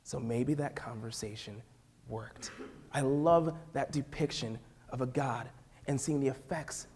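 A man's voice: a little high, a little mellow. A man with a Midwestern American accent, a youth pastor preaching a sermon and telling the story with acted-out voices.

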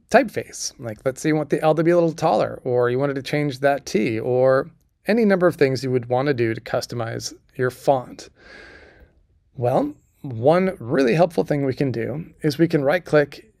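A man walking through a design software tutorial in a conversational way, often checking in with the listener. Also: mid-range voice, creaky, dry recording, studio quality. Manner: conversational, keeps checking in with "okay?" and "right?". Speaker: design instructor.

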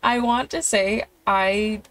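A woman's voice: mid-range voice, steady tone, slow pace, a bit bright. A young woman giving chatty, giggly commentary over a life-sim game, full of fillers. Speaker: let's play creator.

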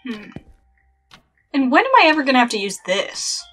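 A woman's voice: high voice, sing-song, normal speed, a bit bright, slightly rough. A young woman chatting playfully through a horror game, with exasperated asides. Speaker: gaming channel host. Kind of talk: let's play commentary. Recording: faint game music behind.

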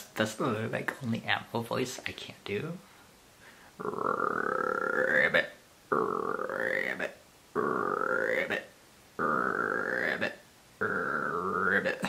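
A man's voice: on the low side, creaky, bright, forceful tone, a little hiss or hum. A man hosting his own channel, talking casually and nervously with lots of hesitations. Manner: nervous, hesitant, many fillers and self-deprecating laughs. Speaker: channel host. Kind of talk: casual vlog talk.

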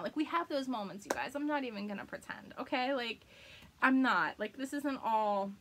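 A woman's voice: fairly high pitch, fairly quick, a bit bright. A woman in her thirties hosting a live crafting video, chatting casually and laughing often. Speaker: crafting livestream host.

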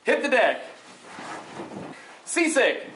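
A man explaining and leading a group game with playful, energetic commands in a large indoor hall. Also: extremely high pitch, very slow, slight background noise. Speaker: youth game leader. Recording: echoey hall, mic at a distance.

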